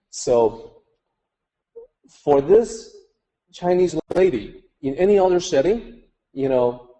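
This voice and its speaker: A man's voice: mid-range voice, dark tone, low-quality recording. A man teaching a group, telling a story in a conversational way with many "you know" asides. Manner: acts out quoted voices in story. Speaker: Daoist teacher.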